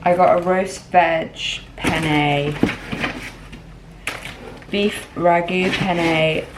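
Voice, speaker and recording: A woman's voice: on the low side, fairly even intonation, extremely slow. A young woman casually chatting through her day as a vlogger, showing food and clothes at home. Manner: chatty, matter-of-fact commentary while showing things. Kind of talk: casual vlog chat. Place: home, indoors. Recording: noticeable background noise.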